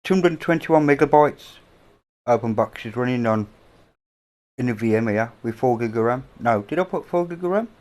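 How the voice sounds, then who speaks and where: A middle-aged man with an English accent, hosting a casual livestream chat from a home, rambling and offhand with casual swearing, on a boom-mounted mic. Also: expressive, normal speed, a little mellow. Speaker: livestream host. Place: indoors at a home. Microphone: boom-mounted microphone.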